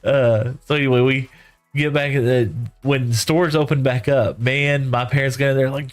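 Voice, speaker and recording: A man's voice: medium pitch, steady tone, normal speed. Middle-aged man, game streamer, chatty folksy storyteller, light music underneath. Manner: folksy, rambling, lots of "you know" and "right?". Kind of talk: casual storytelling while gaming.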